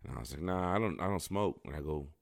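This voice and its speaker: Podcast host, male, very low voice, quick rambling delivery, dry close sound. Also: expressive, creaky, no room sound. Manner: rambling, acts out quoted dialogue with voices. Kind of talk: casual storytelling chat. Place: home studio.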